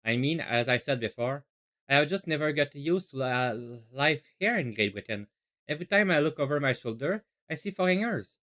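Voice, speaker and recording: Casting: man playing an excitable scholar who spills over into alliterative gushing, in a slightly higher register, for a game read-through. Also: moderate pace. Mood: gloomy. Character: excitable Japanese scholar man, gloomy then giddy.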